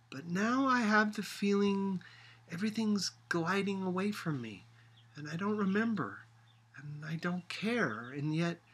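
A man's voice: high-pitched, slightly rough, pitched above the performer's own voice, full character voice. A man voicing an old grandmother in a read-aloud storybook, with emphatic rising and falling delivery. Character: old grandmother, wistful and prickly.

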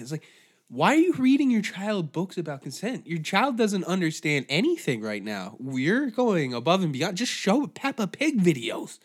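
A man hosting a podcast who rants in a profane, rambling, animated way. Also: high-pitched, normal speed. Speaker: podcast host. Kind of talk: comedic rant.

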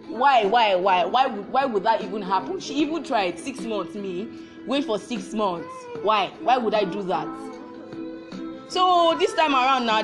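A young woman tells a role-reversal story, firing off repeated rhetorical questions. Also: medium pitch.

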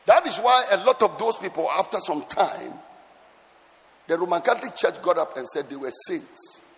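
A man preaching a sermon with emphatic repetition, swinging between soft asides and loud exclamations, at times half-singing his lines. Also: high voice, expressive, normal speed, in a large hall. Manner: sometimes lapses into a sung cadence.

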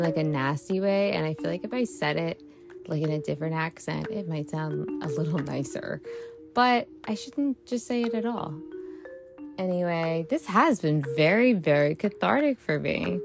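A woman's voice: low-pitched, vocal fry. A woman hosting a solo podcast monologue, ranting heatedly with lots of swearing and scattered, restarting thoughts. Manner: profane, rambling rant; heated and frustrated. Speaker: podcast host.

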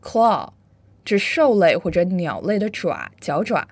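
A woman's voice: fairly low pitch, big pitch swings, slightly rough, no echo. Woman, upbeat English teacher, careful pronunciation, dry close sound. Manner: upbeat, switches between Chinese and English, slow careful pronunciation drills. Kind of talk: bilingual language lesson.

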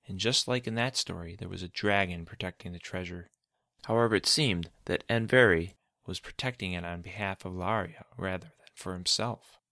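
A man with a very low voice reads a fantasy story aloud at an even, measured pace. His tone is forceful and bright-edged despite the depth. The recording is close and completely dry. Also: vocal fry, no echo. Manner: steady, measured read-aloud delivery. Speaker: narrator. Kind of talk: storybook narration.

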